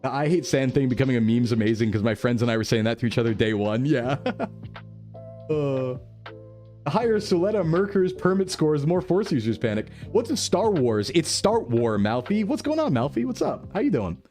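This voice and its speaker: A man's voice: mid-range voice, big pitch swings, normal speed, a little mellow, faint music behind. A man live-streaming in casual chat, answering his chat as he rambles enthusiastically, full of fillers and laughs. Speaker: VTuber streamer.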